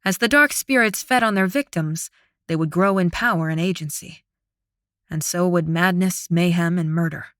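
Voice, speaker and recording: Dry, steady woman audiobook narrator. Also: on the low side, moderate pace, no room sound. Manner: steady, dramatic reading. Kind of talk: scripted narration.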